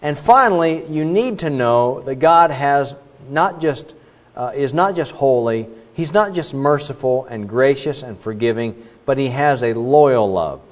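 A man's voice: mid-range voice, animated, measured pace. A middle-aged man preaching a sermon as a pastor, earnest, telling stories with frequent fillers. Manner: earnest, with many fillers and illustrations. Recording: dull reverberant hall recording.

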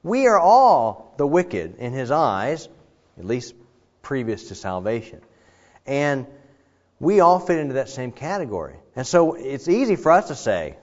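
A man preaching a sermon in a conversational, animated way, with frequent fillers and restarts. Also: medium pitch, moderate pace, lo-fi sound. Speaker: pastor.

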